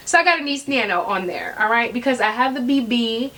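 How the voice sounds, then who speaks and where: A woman's voice: on the high side, fairly quick. A woman vlogger, chatting casually and sassily to her viewers, often checking in with "okay?". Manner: sassy, animated, talks straight to viewers with frequent "okay?". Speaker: fashion vlogger. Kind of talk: casual chat to camera.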